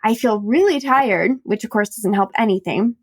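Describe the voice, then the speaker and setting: Her mid-range voice has a breathy edge and moves at normal speed. This podcast host and coach animatedly retells something that happened to her, with frank self-mockery, frequent laughter, and acted-out quotes.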